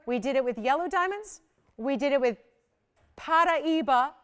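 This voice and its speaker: A woman hosting a live jewelry sales show, talking fast and chatty with bursts of excitement. Her voice sits a little high and comes through smooth and clear. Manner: chatty, upbeat selling patter with bursts of excitement. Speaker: shopping channel jewelry host. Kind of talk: live home shopping presentation.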